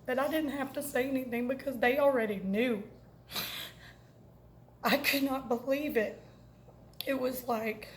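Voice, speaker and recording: A woman tells her story slowly, holding back tears and pausing on many "um"s. Her voice is mid-pitched, with a faint hiss of outdoor noise behind it. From Alabama, US. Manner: halting, emotional, many "um"s. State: close to tears. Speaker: camp attendee giving testimony. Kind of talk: personal testimonial.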